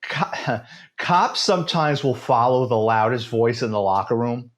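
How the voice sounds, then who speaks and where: A retired detective in his fifties with a New York accent tells stories in a casual interview. He talks with a sarcastic, animated edge, his voice sitting at an ordinary middle pitch. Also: measured pace. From United States. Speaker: retired police detective, guest.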